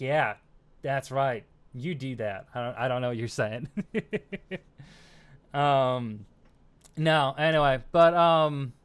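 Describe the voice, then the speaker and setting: Smooth-voiced American man chatting on stream. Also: on the high side, fairly bright tone. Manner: rambling and self-deprecating, lots of fillers and laughs. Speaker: streamer host. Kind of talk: casual stream chat reading viewer comments.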